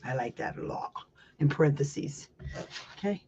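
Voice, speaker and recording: A woman's voice: low voice, animated, normal speed, background noise. A woman hosting a casual teaching chat as a special education advocate. She rambles, laughs a lot, and talks bluntly with some salty language. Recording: slightly dull lo-fi sound.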